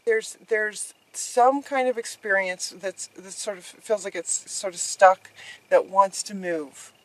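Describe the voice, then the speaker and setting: Gentle, encouraging woman reading tarot. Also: mid-range voice, unhurried, low-quality recording. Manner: gentle and encouraging, repeats key phrases. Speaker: tarot reader. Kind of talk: spoken tarot reading to viewers.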